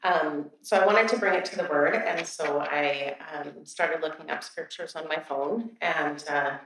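Low-voiced woman, far off in a big echo. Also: unhurried, fairly bright tone, slight background noise. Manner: casual, hesitant, many fillers. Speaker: church member sharing a testimony. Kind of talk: testimony to a church. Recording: very echoey, distant from the mic.

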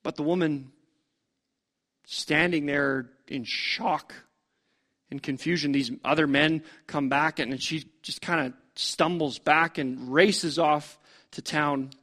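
A man's voice: a little high, fairly even intonation, slow, pushed and bright. A man preaching a storytelling sermon in a conversational way, full of rhetorical questions.

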